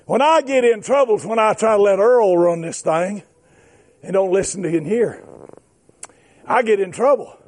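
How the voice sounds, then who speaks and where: High-voiced preacher man shouting. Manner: fervent, shouting, drawn-out emphatic phrases. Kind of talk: sermon.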